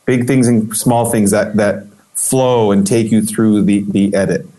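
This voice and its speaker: A man telling a story in an interview as a guest, animated and acting out the voices he quotes, with many restarts. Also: on the low side, unhurried. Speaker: guest photographer.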